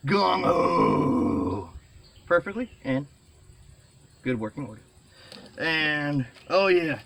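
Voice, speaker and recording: Rambling excitable middle-aged man vlogging. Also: on the high side, slow, creaky, slight background noise. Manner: rambling, excitable, many fillers and restarts. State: sweating. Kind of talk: casual rambling vlog.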